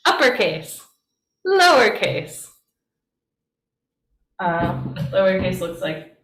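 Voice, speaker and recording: Woman pastor leading a class, unhurried and chatty, encouraging tone, roomy church hall sound. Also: mid-range voice, lively intonation, pushed and bright. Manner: chatty and encouraging, with many fillers. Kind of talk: casual classroom teaching. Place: church meeting room. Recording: roomy echo.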